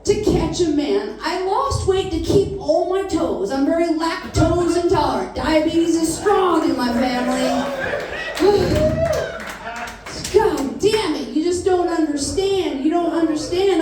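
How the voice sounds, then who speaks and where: A woman's voice: high voice, a little mellow, recorded from a distance. A woman in her fifties doing a stand-up comedy set, telling blunt, profane stories on a comedy venue stage. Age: 50s. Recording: echoey room picked up from afar.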